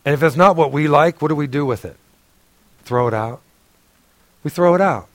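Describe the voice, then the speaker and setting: A man, a pastor, giving a sermon in a casual, conversational storytelling way, often clearing his throat and laughing with the congregation. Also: on the high side, normal speed, no echo.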